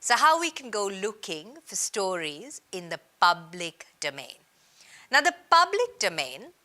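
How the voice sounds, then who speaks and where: A woman from India presents a business training session on storytelling. Her voice is bright and forceful, and her pitch moves up and down in a lively way. She stresses her points firmly, like a practiced workshop speaker. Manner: lively, emphatic teaching delivery. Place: based in Australia.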